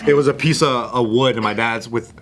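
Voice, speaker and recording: A man telling laughing anecdotes about his father in a casual comedic chat, putting on a gruff voice for him. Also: medium pitch, fairly quick, a bit bright. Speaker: podcast co-host.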